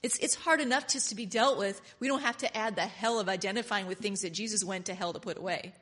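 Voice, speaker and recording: A woman preacher delivering a sermon in an animated, emphatic way, repeating key lines and laughing often. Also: mid-range voice, fast, breathy edge, long reverb tail.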